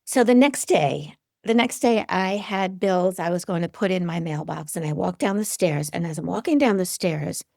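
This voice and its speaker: A middle-aged woman, a medium and interview guest, telling stories lively and acting out what people said. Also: moderate pace, creaky, dry recording, studio quality. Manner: animated storyteller, acts out quotes with big pitch jumps. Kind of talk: storytelling in a podcast interview.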